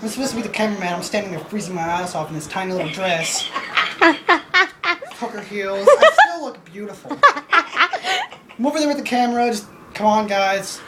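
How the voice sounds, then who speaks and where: A man telling a comic story to the camera, excitable, laughing through his lines and acting out what people said. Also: high voice, fairly quick, pauses often, background noise. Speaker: vlogger.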